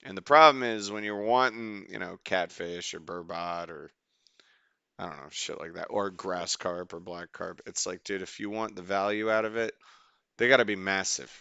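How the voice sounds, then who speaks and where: A young man casually commentating his game as a streamer, rambling, excitable and swearing freely. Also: deep voice, normal speed, vocal fry, clear, resonant tone, no echo, highs cut off.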